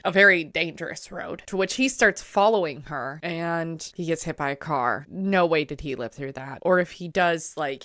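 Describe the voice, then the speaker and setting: A woman giving casual, chatty film commentary, laughing often and pausing with fillers. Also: low-pitched, a bit bright, no echo, clean studio sound. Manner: chatty, laughs often, acts out quoted lines; frequent fillers and hesitations.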